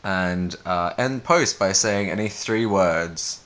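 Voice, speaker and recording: A man's voice: low voice, takes it slowly, fairly bright tone. A young Australian man casually rambling through video challenge questions with offhand, dry humor. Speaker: vlogger.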